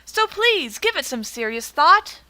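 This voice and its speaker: Formal, earnest game librarian, pleads politely, high pitch, read by a woman. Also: big pitch swings, unhurried, sharp tone, heavily acted.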